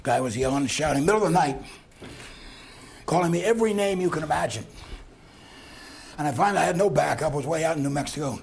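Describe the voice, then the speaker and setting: A man's voice: fairly high pitch, animated, quick pace, gravelly, long pauses, slight background noise. A man lecturing a seminar class, telling stories and acting out dialogue with frequent chuckles. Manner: storytelling, acts out dialogue, chuckles often. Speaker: lecturer on conflict talk.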